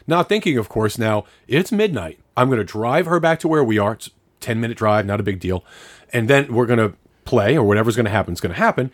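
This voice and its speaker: A man co-hosting a podcast tells a long story in casual conversation, swearing freely and acting out what people said. He has a medium-pitched voice and talks fast, and there's no room sound.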